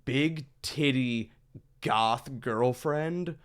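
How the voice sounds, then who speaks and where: A man's voice: medium pitch, drawn-out words, smooth. A man in his thirties chatting casually as he streams a game, rambling with profane asides.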